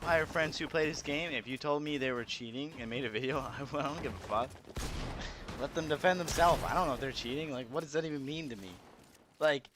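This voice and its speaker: A young man on a game stream rants at his chat, sarcastic and profane. His pitch swings widely from line to line. A steady hiss of background noise sits under his voice. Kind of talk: heated livestream rant.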